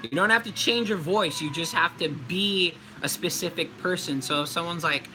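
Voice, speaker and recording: A man's voice: a little high, moderate pace, noisy background. A young adult man, a voice actor, giving casual livestream tips in a chatty, loose way, with many fillers and restarts.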